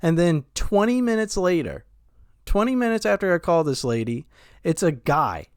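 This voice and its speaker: A young man co-hosting a casual podcast, an animated storyteller who laughs often. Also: high-pitched, normal speed, clear, resonant tone, dry recording, studio quality. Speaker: podcast co-host.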